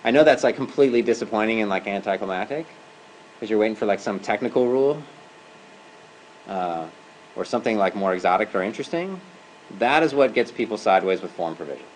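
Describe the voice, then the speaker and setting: A man's voice: fairly low pitch, animated, fast, a little hiss or hum, low-quality recording. A man giving a university lecture in a classroom as an adjunct professor. He talks conversationally and keeps checking in with "right?" and "okay?".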